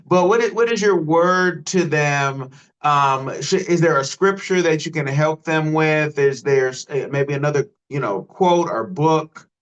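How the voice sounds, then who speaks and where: A man's voice: on the high side, unhurried, fairly bright tone, lo-fi sound. A man from the United States hosting a podcast interview, joking and rambling, often stumbling over his words. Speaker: podcast host. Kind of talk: interview conversation.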